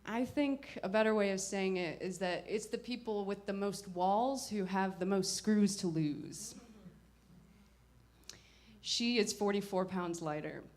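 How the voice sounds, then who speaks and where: A woman performing a personal story live, in a slow, unhurried delivery. Her manner is wry and reflective, with halting stops between phrases. Her pitch sits in an ordinary middle range. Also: a little mellow. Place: live performance before an audience.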